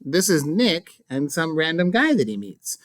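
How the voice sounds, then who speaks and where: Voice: mid-range voice, sing-song, a little slow, dry recording. A teacher giving a casual, chatty recap of a book chapter, full of asides and playful remarks. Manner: playful, mock-dramatic. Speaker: English teacher.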